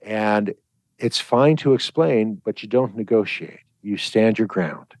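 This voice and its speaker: A middle-aged male physician giving parenting advice on a call-in show in a measured, firm, storytelling way. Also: lowish voice, a little mellow, dry recording.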